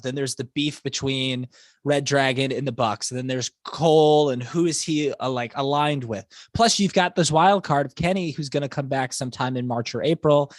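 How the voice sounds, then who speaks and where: A man's voice: mid-range voice, no room sound, studio quality. A man co-hosting a casual wrestling talk show, arguing his points with enthusiasm and a lot of "like". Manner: enthusiastic, fast-building arguments with many likes. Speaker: podcast co-host.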